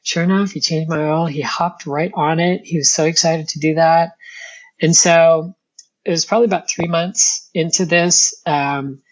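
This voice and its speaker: A woman's voice: low voice, fairly even intonation, normal speed. Candid woman guest, muffled recording. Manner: candid, earnest, laughs between remarks. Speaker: interview guest. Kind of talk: personal storytelling in a conversational interview. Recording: dull lo-fi sound.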